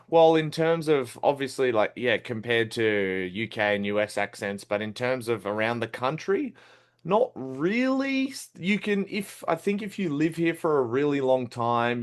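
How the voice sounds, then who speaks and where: A young Australian man in his twenties, a film critic being interviewed, talking in a friendly, rambling way and laughing easily. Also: mid-range voice. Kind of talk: casual podcast interview.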